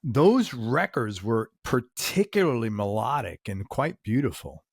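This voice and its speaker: A man hosting an interview, chatting casually and reacting warmly to his guest's stories. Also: medium pitch, big pitch swings, gravelly, breathy edge, no room sound, clean studio sound. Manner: friendly, chatty, quick to react. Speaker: interview host.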